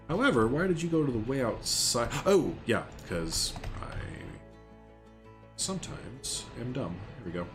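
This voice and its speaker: A man's voice: medium pitch, big pitch swings, moderate pace, faint music behind. A young man rambling casually on a live game stream, chatting with viewers as he builds. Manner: rambling, chatty, reads and answers chat.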